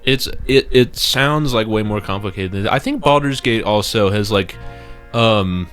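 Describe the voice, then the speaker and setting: A young man co-hosting a casual podcast, talking loosely and breaking into playful shouts and laughs. His voice sits a little low. Faint background music plays under him. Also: measured pace. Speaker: podcast co-host. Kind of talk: casual chat.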